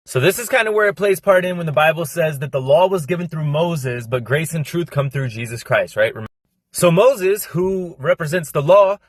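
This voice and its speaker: A young man explaining a Bible story in a fast, casual, slangy monologue, cramming it in with lots of energy. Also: high-pitched, no echo, clean studio sound. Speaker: Christian content creator.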